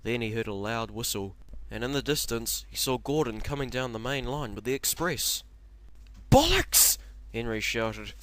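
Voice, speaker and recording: A man's voice: mid-range voice, moderate pace. A man narrating a comic cartoon parody in a storybook style. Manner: lively, animated storytelling.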